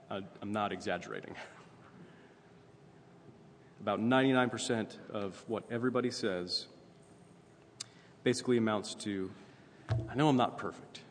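Lower-voiced man preaching in a reverberant hall. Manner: conversational preaching, frequent "right?" asides. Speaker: pastor. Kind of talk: sermon. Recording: long reverb, faint ambient noise.

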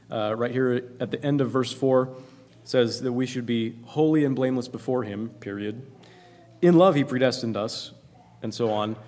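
Man preaching, earnest and emphatic, repeats himself, mid pitch, long hall echo. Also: a little mellow. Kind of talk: sermon.

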